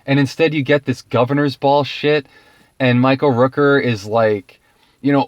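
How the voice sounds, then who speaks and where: A man's voice: mid-range voice, flat delivery, normal speed, no room sound, dull audio. Man, casual film review rant, exasperated, profane, laughing, dry close sound.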